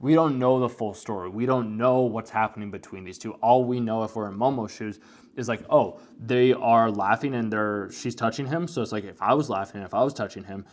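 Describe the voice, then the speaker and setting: A man's voice: fairly low pitch, a little fast, a little mellow. A young man giving casual anime commentary, rambling along with lots of "like" fillers.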